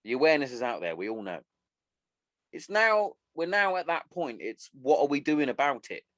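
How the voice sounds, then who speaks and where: A man's voice: mid-range voice, very animated, normal speed, fairly bright tone, dry recording. Blunt, sweary man ranting. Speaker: podcast host. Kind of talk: solo podcast rant.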